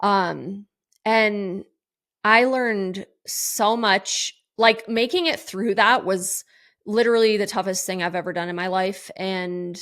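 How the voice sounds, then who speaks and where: Speaking slowly in a fairly bright, mid-range voice with fairly even intonation, a middle-aged podcast host shares a candid personal monologue. She gets emotional and rambles, restarting often and using lots of fillers.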